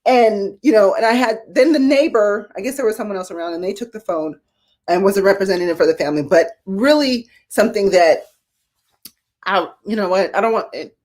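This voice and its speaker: A woman's voice: medium pitch, fairly quick, a little mellow. A woman in her forties, a veteran nurse hosting a live-streamed talk show, speaking casually and growing emotional as she tells hospital stories. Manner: casual, addresses viewers as y'all.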